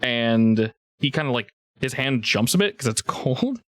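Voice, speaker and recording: A man's voice: mid-range voice, lively intonation, unhurried, no echo. Man game master, rambling casual narration, dry recording. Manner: rambling, laughs often, many restarts.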